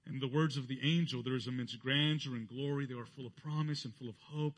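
A pastor preaches a sermon earnestly in a steady, fast voice. When he quotes others, his pitch rises.

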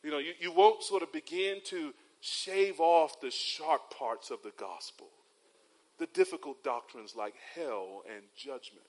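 A male pastor delivers a sermon with a somewhat high voice. He is from North Carolina and weaves stories into his preaching, tossing in rhetorical tags and calling the congregation beloved. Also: measured pace, low-quality recording. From North Carolina, USA.

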